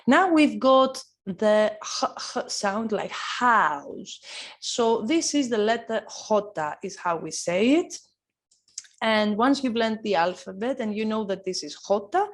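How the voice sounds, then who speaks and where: A woman teaching an online lesson, encouraging and repeating words slowly to model pronunciation. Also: a little high. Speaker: Spanish teacher.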